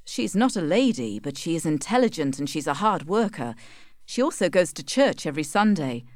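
An earnest, hopeful young farmer in love, as a woman reader puts him on. He speaks gently and persuasively in a low, lively voice. The sound is close and dry. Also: normal speed, no echo.

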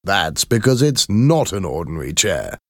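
A man's voice: sits low, big pitch swings, moderate pace, no echo, clean studio sound, heavily acted. A man voicing a kind, earnest Victorian doctor who speaks reassuringly. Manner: warm and reassuring.

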